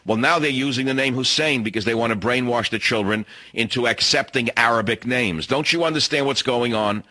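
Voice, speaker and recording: A man's voice: medium pitch, fairly quick, pushed and bright, no echo. Emphatic male talk radio host, dry. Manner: emphatic, hammering repetition and rhetorical questions. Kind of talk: opinionated radio monologue. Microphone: studio microphone.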